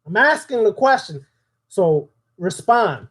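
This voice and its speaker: A man's voice: high-pitched, lively intonation, unhurried, darkish tone. A man giving a spoken occult lesson, preaching and putting questions to his audience. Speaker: occult teacher.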